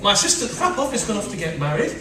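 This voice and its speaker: Captured from a distance in an echoey room with a crowd in the background, a man rehearses a stage role: a harassed middle-aged official and overburdened family man who pleads and grumbles melodramatically and wearily. He talks fast in a high voice with big pitch swings.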